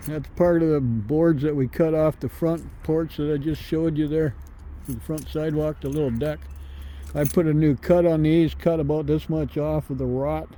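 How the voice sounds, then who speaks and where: An older man talks in a rambling, homespun way, his voice very dark and mellow yet pitched a little high. Faint noise hums behind him outdoors. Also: poor audio. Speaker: vlogger. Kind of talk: casual vlog chat.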